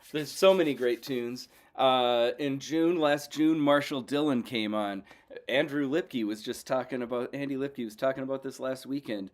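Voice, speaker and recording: A man hosting a casual livestream show, talking loosely with viewers while eating. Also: mid-range voice. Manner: rambling and loose, chats with viewers between songs. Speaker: show host.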